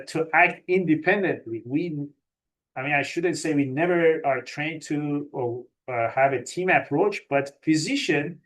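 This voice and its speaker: A man, a physician, giving a webinar lecture in a lively, self-mocking way, often acting out the lines of difficult colleagues. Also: on the high side.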